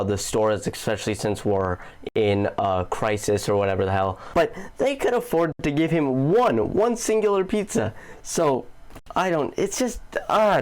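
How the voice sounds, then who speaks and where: A man hosting a casual video commentary. He talks in a goofy, loose, profane way and chuckles often. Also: lowish voice. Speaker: commentary channel host.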